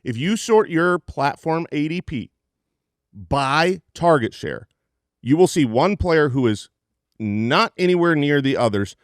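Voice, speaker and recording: A man co-hosting a fantasy football podcast, rattling off stats with energy, jumping high in pitch when excited and laughing often. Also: unhurried, clear, resonant tone, dry recording, clean studio sound. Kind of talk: energetic stat-heavy sports podcast talk. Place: studio, live show.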